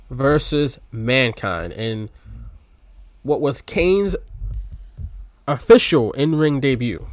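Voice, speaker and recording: Guy chatting on a podcast, really lively up and down, offhand, dry close sound. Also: medium pitch, no room sound. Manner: relaxed, offhand, with many "like" and "uh" fillers. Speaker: podcast co-host. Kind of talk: casual chat.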